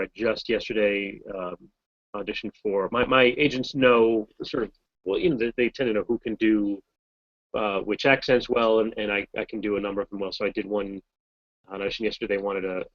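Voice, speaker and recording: A man's voice: medium pitch, no echo, muffled recording. Rambling wry man on a video call. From Massachusetts, US. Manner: rambling, self-correcting, wry. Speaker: voice actor guest. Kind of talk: casual chat in a video hangout.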